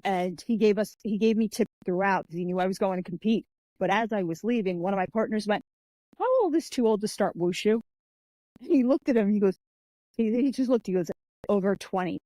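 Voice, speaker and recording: A woman telling stories in a podcast interview, animated and expressive, slipping into the voices of the people she describes. Her tone is mellow and warm rather than bright. The sound is dry and close, with no room echo. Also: medium pitch, brisk. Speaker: guest, author and martial artist.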